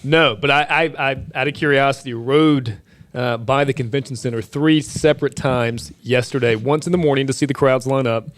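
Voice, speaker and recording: A man's voice: medium pitch, steady tone, moderate pace, no echo. A male co-host on a morning radio show, chatting casually with short, dry interjections.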